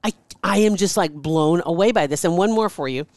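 A woman's voice: fairly low pitch, a little fast, darkish tone, dry recording. A woman co-hosting a podcast, chatting casually and laughing as she tells stories. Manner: gossipy, laughs while telling stories. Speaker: podcast co-host. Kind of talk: casual chat.

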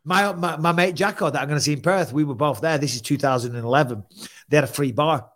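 A man's voice: on the high side, quick pace, fairly bright tone. A man hosting a podcast, talking in a casual, jokey and rambling way. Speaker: podcast host. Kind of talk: casual chat.

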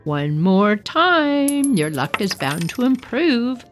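A cheerful trickster full of smug, sugary sympathy, coaxing his mark in a lively storybook voice. A woman plays him. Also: on the high side, slow pace, soft background music, voice pushed up. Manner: sweetly smug, falsely sympathetic. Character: sly cheerful male trickster, smug and teasing.

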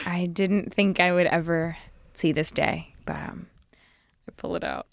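A woman's voice: on the low side, unhurried, creaky, no echo, studio quality. A woman improvising a comedy scene, talking in a chatty, flustered way as she switches between characters. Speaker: comedy podcast co-host.

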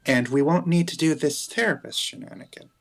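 A man speaking as his character in a tabletop game, slow and coldly confronting. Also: a little high, vocal fry, faint music behind.

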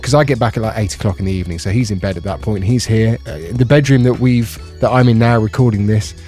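A man co-hosting a podcast from a bedroom at home, chatting casually and telling stories with lively pitch jumps. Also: fast, faint music behind. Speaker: podcast co-host. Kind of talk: casual chat.

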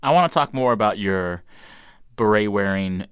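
A man hosting a casual interview, chatty and quick to react. His voice is smooth and resonant and moves over a lively pitch range, recorded dry and close. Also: dry recording. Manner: quick, chatty, easily amused. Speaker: podcast host.

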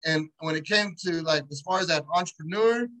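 A man in an interview, telling stories in animated, slangy, profane street talk. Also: on the high side, a little fast, rough recording. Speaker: guest, entrepreneur. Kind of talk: casual interview storytelling.

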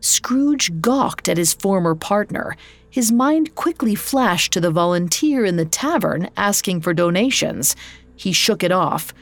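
A woman narrating a story from a script in a measured, dramatic way. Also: fairly low pitch, lively intonation, dry recording, faint music behind.

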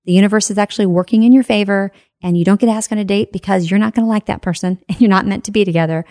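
A woman's voice: mid-range voice, steady tone, rapid-fire, mellow, dry recording, studio quality. A woman giving a motivational talk on personal growth, emphatic, with rhetorical questions and checks like "right?".

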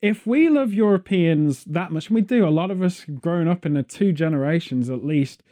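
Expressive and warm, this man's voice is on the high side and keeps a normal speed. He's a British podcast host whose casual chat rambles, jokes and goes off on tangents.

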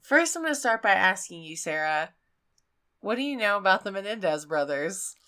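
Bright woman reacting in casual chat. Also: mid-range voice, sing-song, normal speed. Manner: reactive, laughing, swears. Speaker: podcast co-host.

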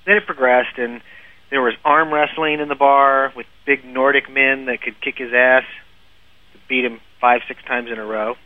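A guest storyteller on a podcast, a man with a medium-pitched voice, spins a long funny yarn in casual chat, laughing often and restarting sentences. The recording is dry and lo-fi, like a phone, with no room sound.

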